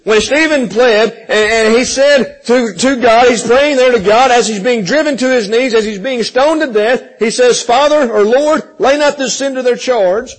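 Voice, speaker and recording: A man preaching a sermon, swinging from loud pleading questions to hushed, gentle passages, calling listeners friends and repeating words as he builds. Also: extremely high pitch, unhurried, low-quality recording. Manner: impassioned, rising and falling between loud pleading and hushed softness.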